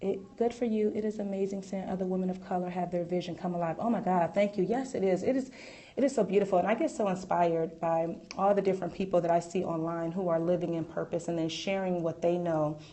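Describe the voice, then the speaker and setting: A woman's voice: on the low side, steady tone, quick pace, warm tone. A woman coach talking live on a phone stream, enthusiastic and chatty, often stopping to thank her viewers. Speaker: life coach and business owner.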